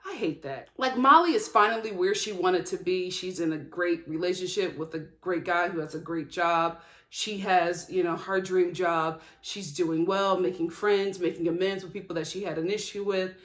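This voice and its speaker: A young woman giving a casual, chatty TV episode review as a vlogger, laughing often and going off on animated asides. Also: on the low side, moderate pace. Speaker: TV recap vlogger.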